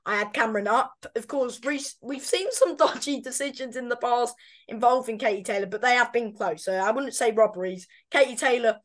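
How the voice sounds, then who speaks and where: A woman with a fairly high voice chats casually as a boxing pundit. She talks loosely, with many fillers and restarts, and keeps correcting herself mid-sentence. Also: brisk. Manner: chatty, hesitant, self-correcting. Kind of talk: casual fight predictions chat.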